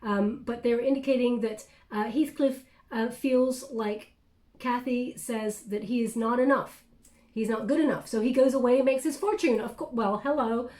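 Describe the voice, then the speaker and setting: A woman giving an intuitive tarot reading to camera, chatty and reflective, with many pauses and restarts. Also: on the high side, steady tone, a little mellow. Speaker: tarot reader.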